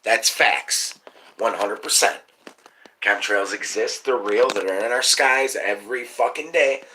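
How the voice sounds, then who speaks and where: A man, hosting a live stream and ranting excitably about conspiracies, cursing often and calling to viewers as y'all. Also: fairly low pitch, a little slow. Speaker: livestream host. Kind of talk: casual live-stream rant. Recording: noisy live-stream audio.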